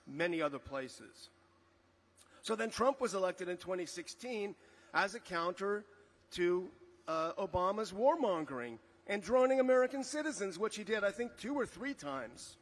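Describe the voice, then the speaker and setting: Middle-aged man, slightly higher voice, rally speaker outdoors, emphatic delivery with fillers. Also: fairly bright tone. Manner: emphatic, repeats key figures, frequent uh fillers. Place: outdoor rally on a memorial ground.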